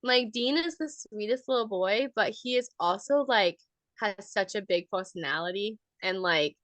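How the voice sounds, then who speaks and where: A woman's voice: mid-range voice, expressive, normal speed, a bit bright, no room sound. A young woman co-hosting a podcast, chatting casually and laughing often, with plenty of fillers. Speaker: podcast co-host. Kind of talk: casual chat.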